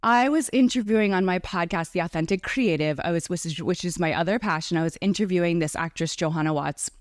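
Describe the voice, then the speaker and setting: A woman's voice: fairly low pitch, fast talker, no room sound, studio quality. A woman from the New York area, a breathwork and Reiki facilitator, chatting enthusiastically as a guest in a casual interview.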